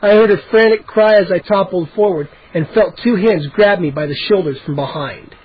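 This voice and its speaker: A man's voice: high-pitched, normal speed, dull audio. A man reading a children's horror story aloud with dramatic, tense narration.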